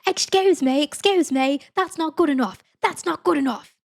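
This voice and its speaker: A woman's voice: high-pitched, normal speed, vocal fry, pitched above the performer's own voice. A woman doing a pompous scolding British man. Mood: indignant scolding. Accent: mock British. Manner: indignant, scolding, repetitive. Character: rude, pompous British man complaining to staff.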